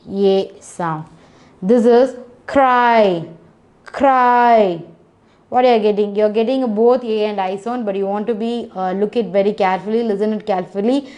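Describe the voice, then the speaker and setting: A woman's voice: on the high side, mellow, dull audio. A woman teaching phonics, sounding out and spelling each word letter by letter and repeating it. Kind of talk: slow classroom teaching.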